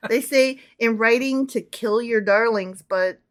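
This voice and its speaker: A woman's voice: a little high, unhurried. A woman co-hosting a podcast, reading verses with dramatic emphasis and breaking into jokes and giggles. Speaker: podcast co-host. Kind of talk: casual chat, reading scripture aloud.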